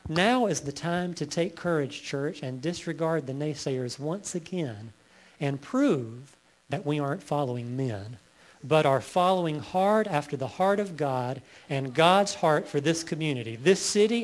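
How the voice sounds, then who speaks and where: A male pastor preaching a sermon, reading scripture slowly and building to emphatic peaks. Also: a little high, lively intonation.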